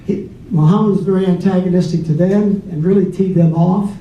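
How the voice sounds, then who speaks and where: A man's voice: high voice, steady tone, fairly quick. A man in a debate, speaking unscripted with many restarts and repeated words. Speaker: debate panelist. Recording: distant, roomy, dull with faint noise.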